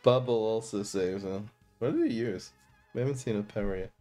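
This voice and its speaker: A man's voice: fairly low pitch, brisk, dark tone, faint music behind. A man streaming live, chatting casually and thinking aloud as he plays a card game. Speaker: gaming streamer.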